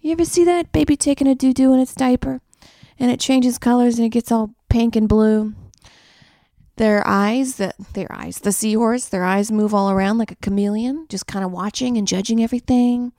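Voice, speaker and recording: A woman's voice: fairly high pitch, steady tone, normal speed, dark tone, dry recording, studio quality. A young woman hosting a podcast, riffing through a crude, rambling comedic monologue. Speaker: podcast host.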